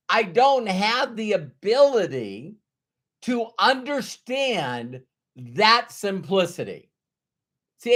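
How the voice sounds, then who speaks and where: Animated, higher-voiced male business trainer. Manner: animated, repetitive, emphatic. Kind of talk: motivational storytelling.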